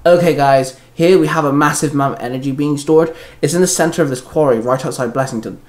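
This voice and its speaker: A man's voice: a little high, natural voice. A man voicing a cheerful, tech-savvy young woman, bursting with eager exclamations. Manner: bright, eager, quick to exclaim.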